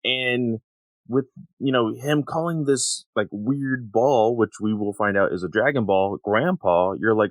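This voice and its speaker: A man co-hosting a casual podcast, talking in a relaxed way with many "like" fillers. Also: fairly low pitch, a little slow, no echo. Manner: relaxed, heavy use of "like". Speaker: podcast co-host.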